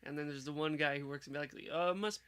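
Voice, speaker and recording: Sharp, bright-voiced joking man. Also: a little high, monotone, very fast, clean tone. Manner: jokey, riffs with bits and voices. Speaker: podcast co-host. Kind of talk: casual chat.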